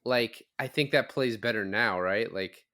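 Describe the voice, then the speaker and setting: A man hosts a casual film podcast, talking through scenes in a loose, filler-heavy way. His voice sits a bit low and sounds smooth, recorded close and dry. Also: unhurried, dry recording. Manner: relaxed, lots of "like" fillers. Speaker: podcast host.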